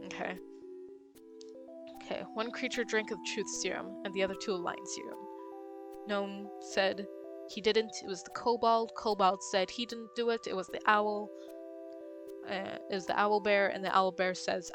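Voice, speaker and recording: A woman streamer reading game text aloud and thinking out loud, hesitant and full of ums. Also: medium pitch, steady tone, a little slow, pauses often. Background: game music.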